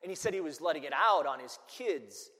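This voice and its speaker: A man, a Catholic priest, preaching a sermon and telling stories in an animated way. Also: on the high side, fairly quick. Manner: animated storytelling that acts out the people it quotes. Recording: long church-hall reverb.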